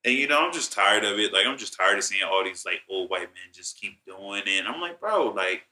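Slangy young man with a bright voice. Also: on the low side, expressive, fairly quick. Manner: profane, slangy, ranting. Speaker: co-host. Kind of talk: casual chat.

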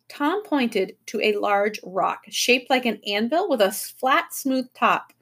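A woman teacher reading a children's novel aloud to her class in an expressive, lively way. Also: a little high, slow pace, slightly rough.

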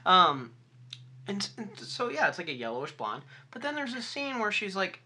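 A woman's voice: medium pitch, very animated, normal speed, pushed and bright, breathy edge. A woman co-hosting a podcast, casually talking through a movie and laying out her points step by step. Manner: methodical, lays out points step by step. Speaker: podcast co-host. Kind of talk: casual movie review chat.

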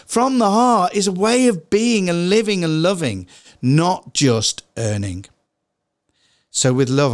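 A middle-aged man giving a heartfelt motivational talk, earnest and pleading, dropping soft and low then rising with emphasis. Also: gravelly. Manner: earnest, pleading, swings between soft low lines and raised emphatic ones. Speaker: motivational speaker.

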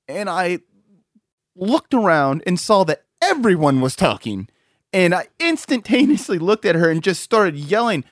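A young man casually telling stories on a podcast, animated and swearing freely. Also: sits high, moderate pace, dry recording, clean studio sound. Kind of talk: casual chat.

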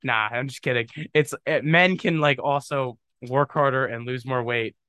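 A man hosts a solo podcast, rambling through jokey opinions and often saying "dude". His voice is bright and clean. It is recorded dry and close. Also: mid-range voice, normal speed, clean tone, no room sound. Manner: trails off into mumbling asides. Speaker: podcast host. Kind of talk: casual solo monologue.

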